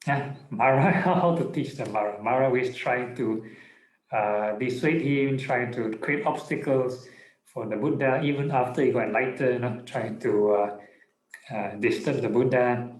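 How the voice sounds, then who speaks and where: A man, a monk, giving a relaxed Buddhist Dhamma talk online, with many fillers and checking in with "yeah?". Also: medium pitch, unhurried, echoey room, low-quality recording. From Singapore. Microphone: online video call.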